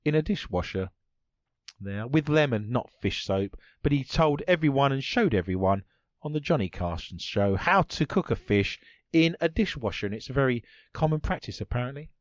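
A man's voice: mid-range voice, lively intonation, normal speed, no room sound, dull audio. A man hosting a comedy podcast quiz, playful and teasing, full of puns. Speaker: quiz host.

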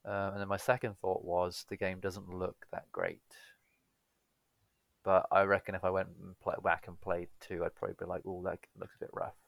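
A low-pitched man with a gravelly edge, co-hosting a gaming podcast in loose, rambling chat. He often stops and corrects himself mid-thought. His voice sounds close and dry, with no room echo. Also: flat delivery, normal speed. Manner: rambling, self-correcting, laid-back. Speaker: podcast co-host. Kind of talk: casual chat.

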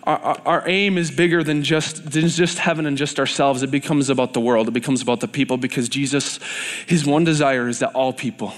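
A man's voice: medium pitch, steady tone, brisk, few pauses. A man preaching a sermon in a church, earnest and repetitive, building in intensity.

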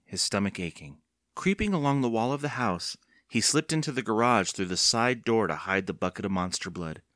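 Low-ish guy reading a spooky kids book, expressive, lots of pitch movement, dry room. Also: no echo. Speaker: audiobook narrator. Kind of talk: scripted storybook narration.

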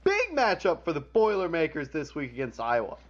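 A man's voice: fairly high pitch, wildly swooping pitch, brisk, lo-fi sound. A man co-hosting a podcast, chatting casually about sports with dry, sarcastic quips. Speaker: podcast co-host.

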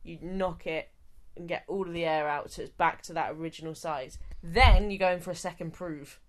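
A woman with a somewhat low voice co-hosts a podcast in a relaxed, chatty way. She walks through things step by step and slips in jokes as she goes. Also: normal speed. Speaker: podcast co-host. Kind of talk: casual chat.

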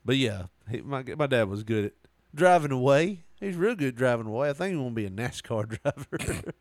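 A podcast co-host with a medium-pitched voice talks fairly quickly in a casual chat, with no echo on the audio. He tells animated stories and laughs often.

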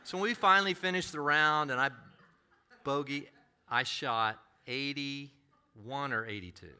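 A middle-aged man preaching, who tells a personal story with animated delivery and acts out other voices. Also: medium pitch, a little slow, clean tone. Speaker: pastor.

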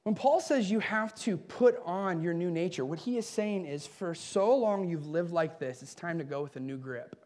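A man preaching a sermon as a pastor, swinging between raised, emphatic bursts and soft, low passages, with a chuckle at his own asides. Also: moderate pace, few pauses.

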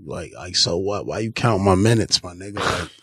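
A man hosting a podcast, telling stories in an animated, joking way. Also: low voice, normal speed, slightly rough, no echo, studio quality. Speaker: podcast host. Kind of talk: casual interview banter.

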